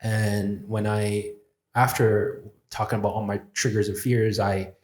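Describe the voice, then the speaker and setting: A man with a lowish voice speaks candidly and reflectively, swearing freely as he tells a personal story. He acts out the voices in his own head. The sound has a roomy echo. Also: level tone, a little slow, darkish tone. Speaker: podcast guest.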